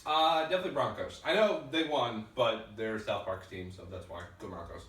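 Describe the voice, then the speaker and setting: A man's voice: mid-range voice, brisk, a bit bright. A man chatting casually in a wry, self-mocking way while eating. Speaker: game developer eating sauerkraut for backers. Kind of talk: casual chat. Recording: echoey room from far off, faint noise.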